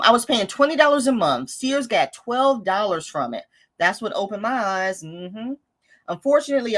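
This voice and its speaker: A woman's voice: medium pitch, fairly bright tone. A woman hosting a casual budgeting livestream, chatting, reading viewer comments aloud and correcting herself as she goes. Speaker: host of a live budgeting stream.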